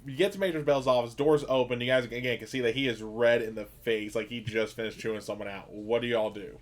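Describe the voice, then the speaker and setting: A man's voice: medium pitch, fast. Casual male game master. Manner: casual, relaxed storytelling with fillers. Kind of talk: narrating a tabletop game.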